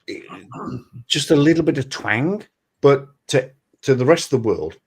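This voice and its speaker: A man's voice: mid-range voice, sing-song, normal speed, husky. A man with a Birmingham accent hosting a casual chat, joking, swearing freely and mimicking accents. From Birmingham, England.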